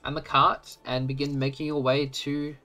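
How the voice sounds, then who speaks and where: A woman narrating as game master of a tabletop game, slow and halting with many ums. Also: a bass voice, little pitch movement, pushed and bright, soft background music.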